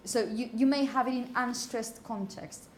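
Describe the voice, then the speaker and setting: A woman teaching a pronunciation class, calling on students and asking "okay?" often, and repeating words slowly. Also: fairly high pitch, slight background noise. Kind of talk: classroom phonetics lesson.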